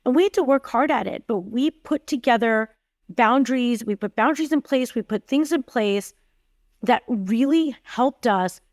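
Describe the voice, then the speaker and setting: A woman's voice: fairly high pitch, moderate pace, no echo, clean studio sound. A woman in her forties, a tech company CEO, talking candidly as a podcast guest and acting out the dialogue in her stories. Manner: emphatic, acts out quoted dialogue in her stories. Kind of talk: candid conversational storytelling.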